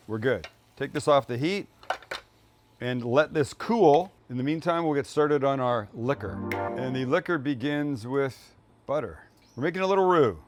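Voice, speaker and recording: A middle-aged man hosts a cooking show in a relaxed, chatty way, explaining each step as he cooks. His voice sits at an ordinary male pitch, and he keeps it upbeat and jokey. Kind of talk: casual cooking demonstration.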